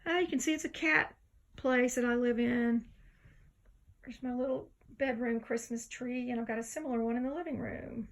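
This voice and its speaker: A woman's voice: fairly high pitch, steady tone, moderate pace. A tired woman, just up from a nap, rambling chattily at home in a casual vlog. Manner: rambling, chatty, drifts between topics. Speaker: vlogger. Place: home, indoors.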